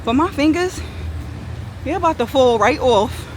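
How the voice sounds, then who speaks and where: A woman's voice: sits high, animated, a little slow, rough recording. A woman, vlogging to a handheld camera on a cold, windy city street, talking bluntly and playfully in slang. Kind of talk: casual vlog monologue.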